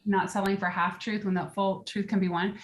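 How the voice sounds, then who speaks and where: A woman wellness coach talking in a casual interview, earnest and quick to laugh, at times reading aloud with feeling. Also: mid-range voice, little pitch movement, slight background noise. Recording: roomy echo.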